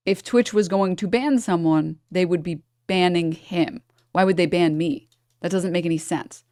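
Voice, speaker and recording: A woman's voice: on the low side, normal speed, dark tone. A woman streamer gives casual reaction commentary to her chat. Her tone is sarcastic and exasperated, and she often slides into mockery. The sound is close and dry, with no room echo.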